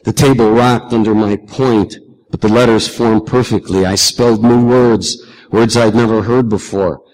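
Guy reading a story aloud, low voice, calm and measured. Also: long reverb tail, low-quality recording. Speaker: reader. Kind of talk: reading literary fiction aloud.

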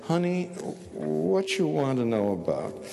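A man voicing a fussy, weary middle-aged woman psychic in a campy falsetto drag-queen voice, drawling and calling everyone honey. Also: very animated, a little slow, vocal fry, long reverb tail, over music, full character voice. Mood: sugary.

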